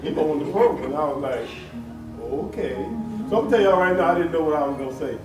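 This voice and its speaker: A man's voice: a little high, animated, fast talker, over music. A man with a Louisiana accent gives a folksy, emotional eulogy at a funeral home chapel. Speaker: family member giving a eulogy. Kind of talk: heartfelt funeral tribute. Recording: echoey livestream from far off.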